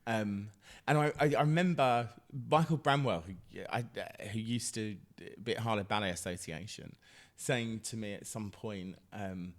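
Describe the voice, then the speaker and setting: A middle-aged man chatting as a podcast guest, animated, often laughing and restarting his sentences. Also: fairly low pitch, moderate pace, few pauses. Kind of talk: casual chat.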